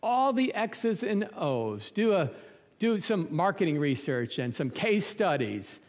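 A man's voice: sits high, big pitch swings, slow, in a large hall. A man preaching a sermon in a conversational, humorous way, full of rhetorical questions.

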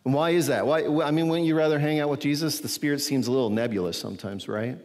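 Pastor preaching in a reverberant hall. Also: male voice, on the high side, quick pace, darkish tone. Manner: conversational, checks in with the listeners often. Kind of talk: sermon teaching from scripture.

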